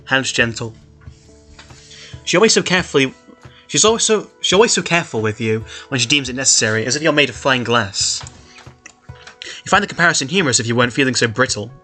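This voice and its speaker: A man's voice: mid-range voice, bright, forceful tone. A man casually reading a story aloud and stopping often to comment on it. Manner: chatty, laughs often, comments between passages. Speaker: reader of an online story.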